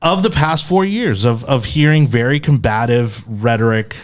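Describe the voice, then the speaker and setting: A man's voice: medium pitch, normal speed. A man hosting a casual political podcast, giving opinionated and impassioned commentary. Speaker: podcast host.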